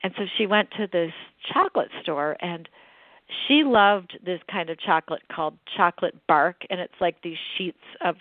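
A woman's voice: fairly low pitch, normal speed, no echo. A middle-aged woman, a book editor, telling family stories with laughs in a casual interview. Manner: chatty, laughing storyteller. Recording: tinny dry phone line.

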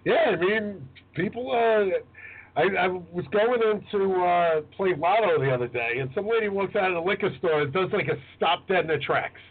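Male chef co-host, lively anecdote-teller, high voice, lo-fi phone sound. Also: moderate pace. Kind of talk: casual chat.

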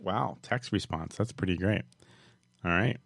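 A man's voice: low-pitched, unhurried, creaky, a bit bright, slight background noise. A man co-hosting a podcast in casual chat, reacting with short wows and rambling asides. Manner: reactive, short replies like "wow". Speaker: podcast co-host.

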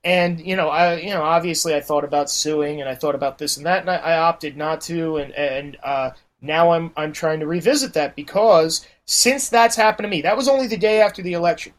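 A man's voice: fairly high pitch, brisk, hardly any pauses. A man telling stories as a podcast guest, swearing freely and mimicking the people in his anecdotes. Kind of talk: casual storytelling chat.

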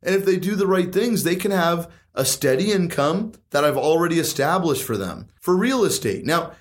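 A man's voice: on the high side, lively intonation, normal speed. A confident man who invests in and teaches real estate, talking in an emphatic, persuasive way with rhetorical questions. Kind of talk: casual chat.

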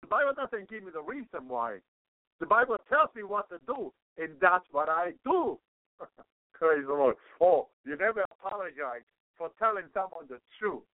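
A man's voice: high voice, no room sound. A man preaching on a radio program, fervent and repetitive, constantly breaking in with praise-the-Lord interjections. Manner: repeats and restarts phrases for emphasis. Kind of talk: radio sermon. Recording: narrow phone-like radio line.

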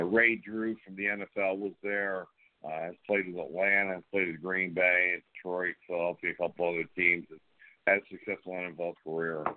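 A middle-aged man hosting a wrestling show, chatting casually with a promo-style swagger and calling people brother. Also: deep voice. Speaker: host. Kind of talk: casual chat. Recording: tinny phone-like line.

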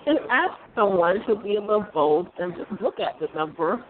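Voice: mid-range voice, expressive, normal speed. Hesitant vlogger on a tinny line. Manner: hesitant, repeats words, self-critical. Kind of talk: casual talk to camera. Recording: tinny phone-like audio with noise.

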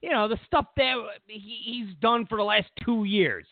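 Sarcastic guy ranting on his show, high lively voice, gravelly edges, sounds like a phone line. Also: normal speed, few pauses, no room sound. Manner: sarcastic, animated, mocking. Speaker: show host. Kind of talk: casual political commentary rant. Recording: tinny phone-like line, dry.

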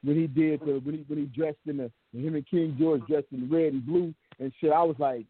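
Husky Bay Area man, tinny line. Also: fairly high pitch, quick pace, hardly any pauses, no echo. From San Francisco Bay Area. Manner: animated storyteller, laughs a lot, profane. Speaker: round table guest. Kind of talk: casual chat. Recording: tinny phone-line sound.

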